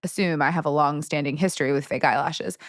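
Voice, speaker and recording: A woman's voice: low voice, fast, no echo, clean studio sound. A woman co-hosting a podcast in upbeat casual chat, also working as a golf TV reporter.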